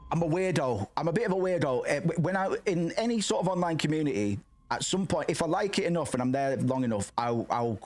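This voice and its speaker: Loud, sweary man chatting on stream. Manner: rambling, profane, says "man" a lot; loud and passionate, animated swings in pitch. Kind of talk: casual livestream chat.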